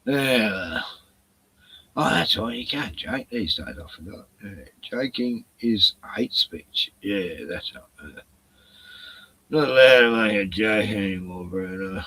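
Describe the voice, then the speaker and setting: A man's voice: on the low side, animated, takes it slowly, pushed and bright, breathy edge, low-quality recording. A man chatting on a live stream in a rambling, profane rant full of sarcastic jokes, short on sleep. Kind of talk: casual ranting chat.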